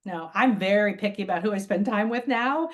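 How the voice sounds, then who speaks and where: This woman, a spiritual teacher living by a beach, is a guest in an interview and talks fairly quickly at medium pitch. Her conversational storytelling is animated, full of acted-out quoted voices and frequent laughter.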